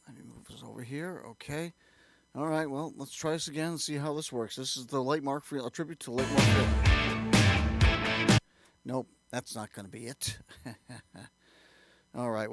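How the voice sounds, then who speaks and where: A man's voice: medium pitch, steady tone, a little slow, vocal fry, pauses often, faint music behind. A man hosting a live radio show, flustered and muttering to himself as he fumbles with equipment.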